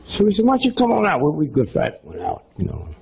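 This man in his seventies, a stand-up comedian storytelling live, talks fast in a gravelly, darkish, slightly rough voice on the high side, his pitch swooping wildly. He's folksy and rambling, with asides like "huh?" and "you know what I'm saying?" The recording is low quality.

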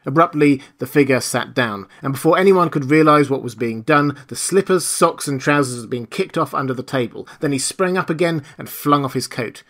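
A male audiobook narrator with a mid-range voice, telling the story in a dramatic, expressive way. Scripted narration, read steadily. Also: medium pitch, normal speed, hardly any pauses.

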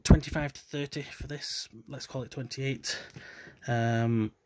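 A man giving subdued, self-deprecating commentary while opening trading cards, with low-key delivery and trailing hesitations. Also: fairly even intonation, measured pace, a little mellow. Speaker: card collector vlogger. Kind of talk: casual card-opening commentary.

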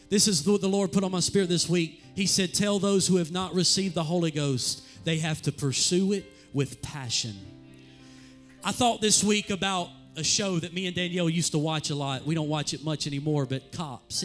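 A man preaching a sermon as pastor in a church, with impassioned, repetitive phrasing that swings between loud declarations and hushed appeals. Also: sits high. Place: church sanctuary.

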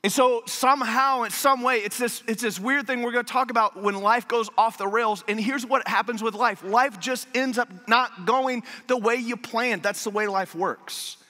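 A man's voice: very high-pitched, normal speed, few pauses, big-room sound. A man in his thirties, a pastor telling a funny story in a sermon, acting out what people said. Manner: animated, humorous storytelling with acted-out quotes. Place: church auditorium.

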